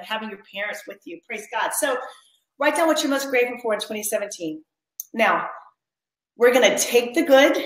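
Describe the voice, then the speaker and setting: A woman's voice: mid-range voice, a bit bright. A woman with a drawl coaches mothers on a live stream, reading their comments aloud and leading them through a spoken commitment. Her voice sits in a middle register. It carries a noticeable echo from the room around her. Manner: reads viewer comments aloud and leads a spoken pledge. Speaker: mom coach hosting a live online workshop.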